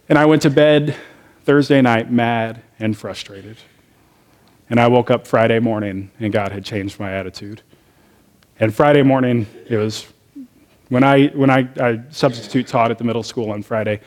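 A man's voice: medium pitch, normal speed. A man, a pastor, preaching a sermon and telling personal stories in a conversational way. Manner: conversational storytelling, personal anecdotes.

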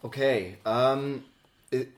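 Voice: medium pitch, extremely slow. A tabletop game player who talks hesitantly, thinking aloud about moves and rolls.

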